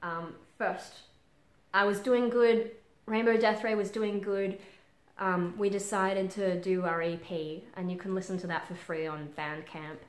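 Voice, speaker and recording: Frank, halting Australian woman, roomy echo. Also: medium pitch, steady tone. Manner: halting and frank, many ums, casual swearing. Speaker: vlogger. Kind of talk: candid personal vlog.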